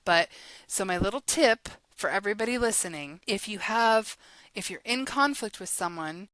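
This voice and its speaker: A woman guest on a podcast, talking in a casual, animated way about her work and laughing often. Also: mid-range voice, dry recording. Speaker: guest, guided journal creator and coach.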